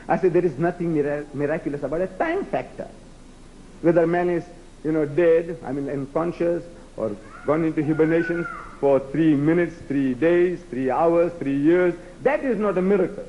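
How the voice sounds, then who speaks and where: A man's voice: a little high, moderate pace, dull audio, slight background noise. A man from South Africa whose first language is Gujarati, giving a rhetorical, challenging public lecture to a live audience. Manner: rhetorical, challenging, acts out debates with mock voices.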